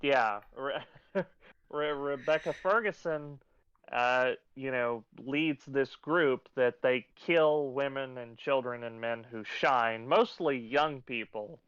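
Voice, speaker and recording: A man co-hosting a film podcast, explaining plots in an unhurried way, thinking aloud with lots of fillers. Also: mid-range voice, fairly bright tone, clear, resonant tone, dry recording, muffled recording. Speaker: podcast co-host. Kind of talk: casual film review chat.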